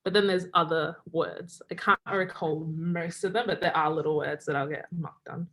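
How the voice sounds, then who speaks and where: Chatty young Australian woman, lower voice. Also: steady tone, normal speed, fairly bright tone. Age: young adult. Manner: chatty, many "like" fillers, laughs often. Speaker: college basketball player, guest. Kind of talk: casual remote interview. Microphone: video call.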